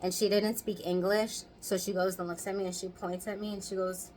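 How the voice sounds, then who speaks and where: A woman's voice: medium pitch, level tone, a little fast, darkish tone, a little hiss or hum, poor audio. A woman in her thirties telling candid stories to camera in casual chat. She swears freely and laughs often. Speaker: vlogger.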